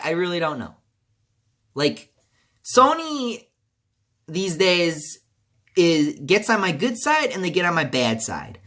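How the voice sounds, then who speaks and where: A man's voice: sits high, a bit bright. A man ranting about a video game as a video creator, angry and profane, repeating himself as he vents. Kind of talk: video game commentary rant.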